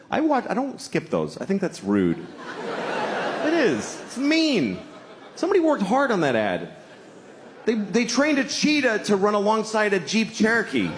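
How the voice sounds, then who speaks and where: A man doing stand-up comedy, sliding from low mumbled asides to high exclaiming bursts. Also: wildly swooping pitch, moderate pace, echoey room, background noise.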